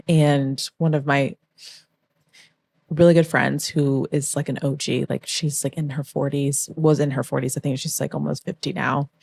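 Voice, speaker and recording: A woman's voice: low voice, gravelly, dry recording. A young woman, a former backup dancer, telling an emotional story as a podcast guest and acting out the voices of the people in it. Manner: emotional, animated storytelling, acts out quoted voices.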